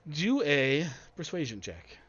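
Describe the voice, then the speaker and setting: A man running a tabletop game as game master, talking in an easygoing, relaxed way. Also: fairly high pitch, takes it slowly, highs cut off.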